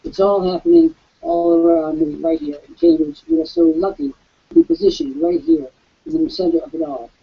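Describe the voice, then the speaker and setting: A man hosting a promotional webcast as an author, pitching an offer in a grand, salesman-like way. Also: huge pitch swings, a little fast, creaky. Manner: grandiloquent, salesman-like delivery with sweeping pitch swings. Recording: dull lo-fi webcast audio.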